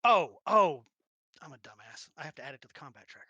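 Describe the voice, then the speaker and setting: A man's voice: a little high, expressive, fast talker, pushed and bright, husky, no echo. A man running a tabletop game, chatting casually and muttering to himself while fiddling with settings. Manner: muttering to himself, jokey and distracted. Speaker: game master.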